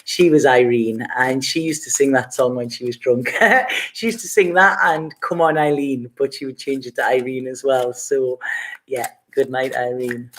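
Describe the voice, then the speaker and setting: A woman's voice: rumbling low, moderate pace. A woman giving a casual live-stream tarot reading, chatty and rambling, laughing often between thoughts. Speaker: tarot reader.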